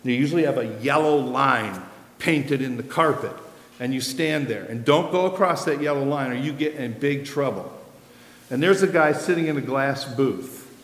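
An American man preaching a sermon in an animated, conversational way, asking rhetorical questions. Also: medium pitch. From United States. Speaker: pastor. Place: church sanctuary. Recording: long hall reverb.

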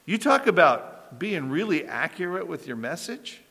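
Pastor, male, bright forceful voice, slightly raised pitch, echoey church hall. Animated sermon delivery. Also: normal speed, vocal fry, husky. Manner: animated preaching, reading scripture aloud to a congregation.

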